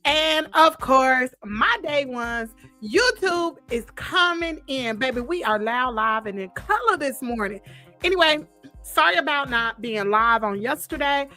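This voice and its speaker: High, bright-voiced woman hosting a live stream. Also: expressive, faint music behind. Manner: chatty, addresses viewers directly and calls them girl and y'all; drawn-out exclamations and emphatic repeats. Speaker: host of a live gossip stream. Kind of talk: casual live-stream chat.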